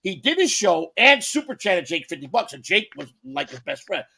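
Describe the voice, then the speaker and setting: A man's voice: sits high, very animated, moderate pace, gravelly, sharp tone, slightly rough. A man co-hosting a podcast, telling rambling stories with lots of repeats and swearing. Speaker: podcast co-host. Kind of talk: rambling casual storytelling.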